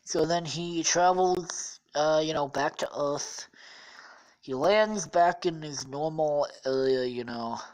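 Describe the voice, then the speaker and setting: A woman's voice: low voice, takes it slowly, darkish tone, low-quality recording. A tired woman hosting a podcast, improvising a rambling, profane story and correcting herself often. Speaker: podcast host.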